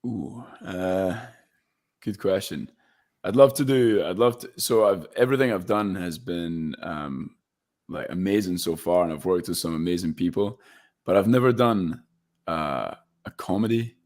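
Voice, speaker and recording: A man's voice: low-pitched, measured pace. Laughing Scottish man in his late twenties. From Scotland. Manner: animated storyteller, laughs often. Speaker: guest actor. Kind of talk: casual interview chat.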